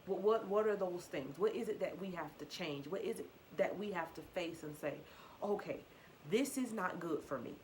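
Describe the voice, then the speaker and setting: A woman's voice: lowish voice, normal speed, a little mellow, slight background noise, low-quality recording. Earnest woman. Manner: earnest, repetitive and confessional, with rhetorical questions. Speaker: faith vlogger. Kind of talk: candid personal testimony.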